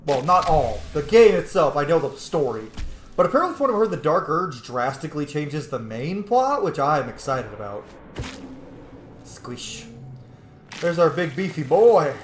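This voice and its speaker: A man casually commenting on his game playthrough, chatty and excitable. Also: fairly high pitch, a little fast, roomy sound, a little hiss or hum. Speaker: gaming channel host. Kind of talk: casual let's-play commentary.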